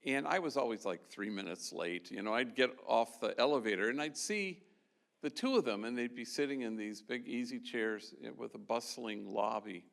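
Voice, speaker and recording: A man's voice: medium pitch, lively intonation, normal speed, gravelly, fairly bright tone. A man, a Jesuit priest, giving an award talk to an audience, telling stories in a loose, conversational way with frequent restarts. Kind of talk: storytelling speech to an audience. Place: event hall with a live audience.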